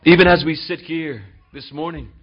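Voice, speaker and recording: A male pastor preaches with emphasis, shifting from forceful lines to near-quiet ones. His voice is high and husky. The sound is dull and lo-fi, like a church recording. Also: steady tone, moderate pace. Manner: emphatic, swinging between loud and soft. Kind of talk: sermon.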